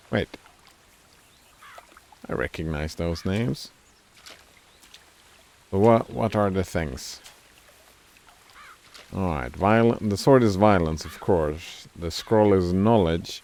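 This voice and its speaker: This man streams a video game with a low, darkish voice, speaking slowly with frequent pauses. He thinks out loud, searches for words, and jokes at his own expense while playing, in a casual commentary style.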